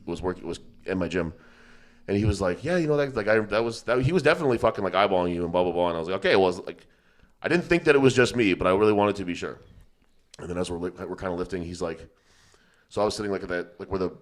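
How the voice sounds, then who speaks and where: A man tells a long, rambling story to his co-hosts, swearing freely and laughing along the way. His voice sits low and his delivery is quick. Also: lively intonation. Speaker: podcast host. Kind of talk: casual storytelling chat.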